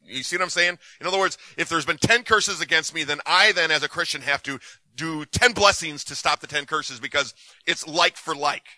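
A man's voice: a little high, a little fast, pushed and bright, no echo, rough recording. A man preaching in a conversational way, telling stories and often repeating his words. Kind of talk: sermon with personal storytelling.

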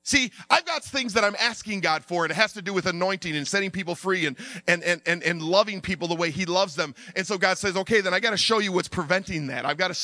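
A middle-aged man preaching through a personal story, animated, acting out his own voice, sometimes dropping low and quiet. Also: fast talker, few pauses, no echo. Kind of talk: sermon told as a personal story.

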